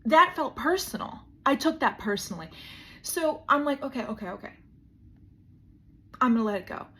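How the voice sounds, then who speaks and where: A woman's voice: high-pitched, lively intonation, normal speed, a bit bright. A young woman vlogger telling a funny story in a casual chat, with dramatic, mock-grand emphasis.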